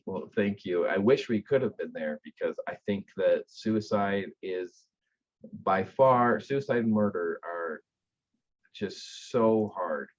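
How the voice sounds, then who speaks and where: A man with a lowish voice tells stories in an earnest, lively way, often restarting his sentences. His audio sounds dull and lo-fi, like a remote call. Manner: earnest, animated storyteller with repeated restarts. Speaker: guest, aftercare company founder. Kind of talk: conversational storytelling.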